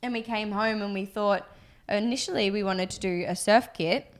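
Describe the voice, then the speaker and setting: A woman's voice: mid-range voice, normal speed. Chatty young woman podcast co-host. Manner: chatty, rambling, frequent "like" and "um". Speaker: podcast co-host, business co-founder. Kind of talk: casual chat.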